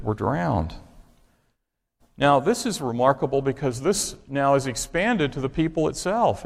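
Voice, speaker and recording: A man preaches with an emphatic delivery, pressing his listeners with question after question. His mid-range voice carries a gravelly edge. The sound rings out in a long, echoing reverb. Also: fairly high pitch. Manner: emphatic, asks the congregation rhetorical questions. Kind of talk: sermon.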